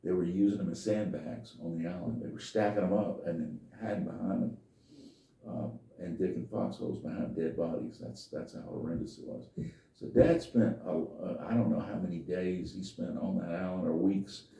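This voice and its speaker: A man's voice: deep voice, steady tone, normal speed, gravelly, mellow. An older man telling a personal story in a folksy, meandering, plain-spoken way as a podcast host. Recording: echoey room, distant from mic.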